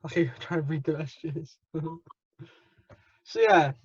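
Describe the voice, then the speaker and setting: A man's voice: on the high side, measured pace, highs cut off, slight background noise. A teenage boy from the UK hosting a casual podcast over a video call, laughing often, his voice cracking upward now and then. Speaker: podcast host.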